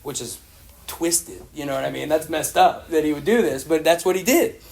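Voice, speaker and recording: Recovery share: man, slightly high voice, loose candid storytelling. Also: moderate pace, vocal fry, a little mellow. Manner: candid, rambling, frequent fillers, laughs at himself. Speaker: recovery meeting speaker.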